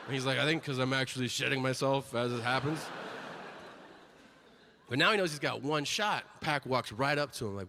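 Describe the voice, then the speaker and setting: A male stand-up comedian telling a story on stage, acting out the people in it with sudden loud outbursts. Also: mid-range voice, fairly quick. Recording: live hall with long reverb and audience noise.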